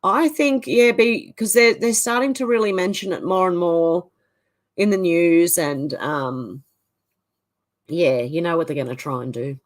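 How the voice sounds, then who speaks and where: A woman's voice: fairly low pitch, a little slow. A woman with an Australian accent hosts a livestream and reads viewer comments aloud, answering them in a casual, chatty way. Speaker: livestream host.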